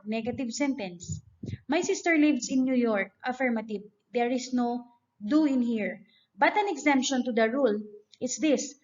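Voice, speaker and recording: A woman's voice: sits high, a little slow. A woman giving a grammar lecture, explaining step by step and reading example sentences aloud. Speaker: teacher. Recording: dull lo-fi recording.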